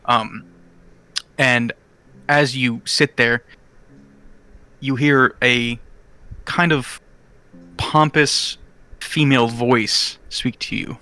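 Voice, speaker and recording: A man narrating a tabletop game as game master, slowly painting scenes, with frequent "um"s. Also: mid-range voice, fairly even intonation, bright, forceful tone, smooth. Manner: descriptive, slowing down for vivid scenery, with frequent "um"s.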